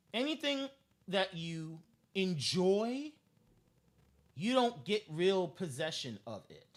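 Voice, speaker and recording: A man's voice: high voice, fairly bright tone. Heated, profane man ranting. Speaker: streamer. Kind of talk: ranting live stream monologue.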